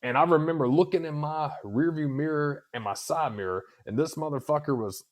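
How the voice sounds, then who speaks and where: A man's voice: on the high side, a little fast. A man co-hosting a podcast, telling stories in crude casual chat and swearing a lot. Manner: profane storytelling, swears constantly. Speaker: podcast co-host.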